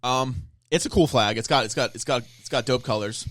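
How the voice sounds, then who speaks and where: A man's voice: mid-range voice, fairly quick, fairly bright tone. A young man co-hosting a casual podcast, rambling and restarting often. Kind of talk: casual chat.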